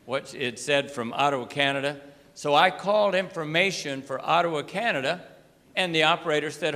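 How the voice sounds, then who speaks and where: Forceful preacher man in a reverberant hall. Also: on the high side. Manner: animated storyteller who acts out the people he quotes. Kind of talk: sermon storytelling.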